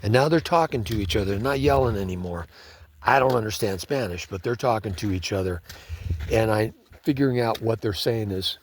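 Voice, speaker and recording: A man's voice: lowish voice, fairly quick, a little hiss or hum. A man telling a story in a laid-back, conversational way, often saying "man". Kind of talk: casual spoken storytelling.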